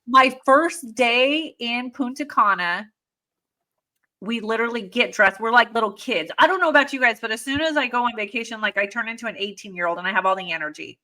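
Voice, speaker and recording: A middle-aged woman co-hosting a podcast, telling wild travel stories with lively energy and frequent swearing, acting out voices as she goes. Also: fairly high pitch, brisk. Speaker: podcast co-host. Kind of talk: animated storytelling.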